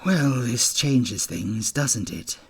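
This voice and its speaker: An elderly male rat doctor, as a man reads him in an audiobook, speaks with slow, unhurried care. He is friendly and knowing, a genteel old storybook figure. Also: mid-range voice, lively intonation, breathy edge. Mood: kindly.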